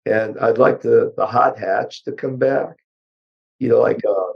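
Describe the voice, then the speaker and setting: An older man, a car engineer, chatting bluntly and ramblingly as an interview guest, his voice hoarse. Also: mid-range voice, a little slow, muffled recording. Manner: blunt, rambling, with many fillers. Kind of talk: casual interview chat.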